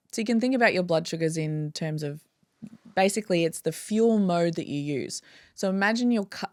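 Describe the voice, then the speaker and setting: A woman chiropractor talking in a casual interview, animated and acting out her own inner dialogue. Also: sits low, dry recording, clean studio sound. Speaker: guest, chiropractor.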